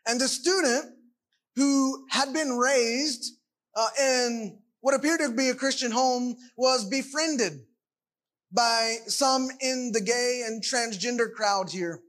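A man's voice: very high-pitched, slow pace, fairly bright tone. A man preaching a sermon, emphatic and full of rhetorical questions.

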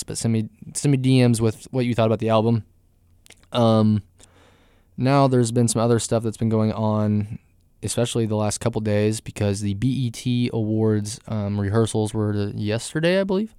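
A man's voice: lowish voice, dark tone, clean tone, dry recording, clean studio sound. A man hosting a casual solo music news podcast, rambling with many fillers and giving candid opinions. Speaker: podcast host.

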